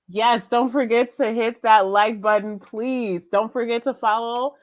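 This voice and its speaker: A young woman hosting a casual live chat, animated and laughing often as she tells stories. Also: a little high. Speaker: host.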